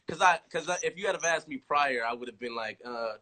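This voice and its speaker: A man's voice: a little high, fast talker, hardly any pauses, background noise. A man from California, in his thirties, chatting casually on a livestream, rambling and restarting, acting out quoted lines. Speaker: rapper talking on a livestream.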